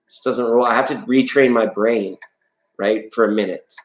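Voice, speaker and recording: A man's voice: medium pitch, fairly even intonation, moderate pace. A chatty man hosts a late-night tarot stream, greeting viewers one by one in a loose, playful way. His mid-range voice bounces off the walls of an echoey room. Now and then he slips into singing a scale. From Canada. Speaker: live-stream tarot host. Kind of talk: casual live-stream chat reading viewer comments.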